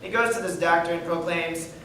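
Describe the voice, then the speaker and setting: A man's voice: a little high, fairly quick, a bit bright. An actor playing a brash, crude young male stand-up comedian, firing off wisecracks on stage. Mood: cocky, joking. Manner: wisecracking, crude joke delivery. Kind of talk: stage acting in a reading. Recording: echoey room from far off.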